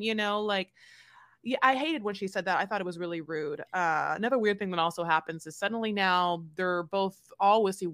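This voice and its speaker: A woman's voice: medium pitch, a bit bright, no room sound, studio quality. A woman co-hosting a podcast, ranting emphatically about a reality show in casual chat and stretching out the words she stresses. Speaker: podcast co-host. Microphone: new close podcast mic.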